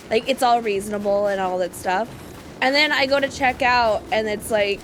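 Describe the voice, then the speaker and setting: A young woman streaming a game, chatting casually in animated, laughing rants. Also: a little high, moderate pace, slight background noise. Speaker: gaming streamer. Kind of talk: casual let's-play chat.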